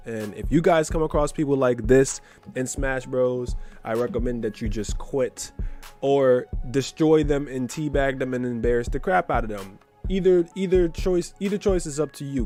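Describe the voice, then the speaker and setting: A man's voice: mid-range voice, darkish tone. A man giving gameplay commentary as a gaming video maker, trash-talking his opponent with plenty of swearing. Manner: brash trash-talking, profane. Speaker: gaming YouTuber.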